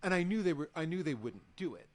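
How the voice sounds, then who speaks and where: A man's voice: fairly high pitch, fast, over a noisy crowd. Exasperated man recapping wrestling. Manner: animated, exasperated, acts out quotes. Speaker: podcast co-host. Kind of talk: casual wrestling recap chat.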